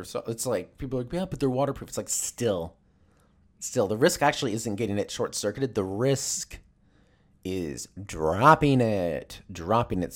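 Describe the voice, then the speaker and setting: A man ranting casually and comedically, rambling and swearing as he tells stories. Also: fairly low pitch. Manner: rambling, profane, animated storytelling.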